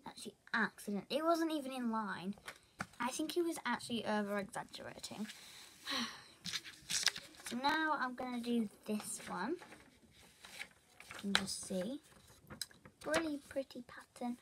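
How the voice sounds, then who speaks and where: A woman's voice: a little high, lively intonation, a little slow, pauses often, noisy background. A young girl talking to viewers as she makes school supplies, rambling and chatty and sometimes slipping into a whisper. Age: child. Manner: rambling, talks to herself while crafting, drifts into whispers. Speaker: vlogger. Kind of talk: chatty craft tutorial vlog.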